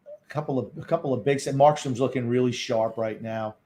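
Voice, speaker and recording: A man's voice: medium pitch, fairly quick, dark tone. A man co-hosting a hockey watchalong podcast, making dry, wry remarks about the game. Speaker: podcast co-host. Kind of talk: casual sports commentary.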